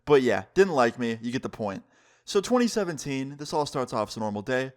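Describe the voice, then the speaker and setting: A young man in his twenties tells a storytime on his vlog, loose and casual, full of "like" and the odd swear word. His voice sits at an average pitch with an easy, conversational flow. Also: big pitch swings, brisk. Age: 20s. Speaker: vlogger.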